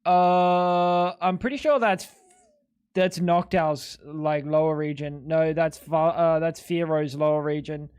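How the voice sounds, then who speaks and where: Excitable, foul-mouthed streamer talking to chat. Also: mid-range voice, takes it slowly, clean tone. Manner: excitable, profane, self-mocking banter. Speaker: live streamer. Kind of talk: live-stream gaming commentary to chat.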